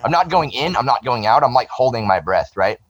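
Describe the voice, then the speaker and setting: A man from the Southern United States, a band vocalist talking as a guest in a casual podcast chat, animated and profane as he rambles. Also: mid-range voice, fairly quick, breathy edge, muffled recording.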